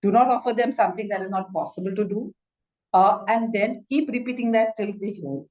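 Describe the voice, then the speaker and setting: A woman's voice: medium pitch, brisk, a little mellow, lo-fi sound. A woman doctor with an Indian English accent giving an instructive lecture, often saying "you know" and restarting her sentences. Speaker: doctor teaching a masterclass.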